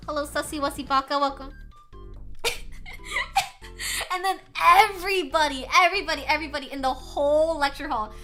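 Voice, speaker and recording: A young woman streaming, telling a story to her chat in a casual, animated way, laughing often and swearing freely. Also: high-pitched, fast, few pauses, faint music behind. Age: young adult. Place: home streaming setup.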